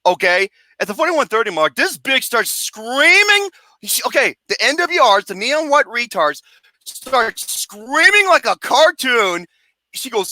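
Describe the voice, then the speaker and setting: This is a host in the middle of a comedic review rant, cursing freely and laughing at their own jabs. Their pitch leaps around constantly, and the tone is bright and cutting. The recording is dry and close. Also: measured pace, no echo. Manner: animated, laughing, swearing, sarcastic.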